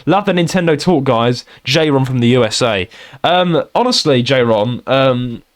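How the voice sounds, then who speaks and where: A man's voice: medium pitch, expressive, normal speed. A young man with a Kent English accent, co-hosting a casual podcast chat, rambling and laughing often. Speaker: podcast co-host.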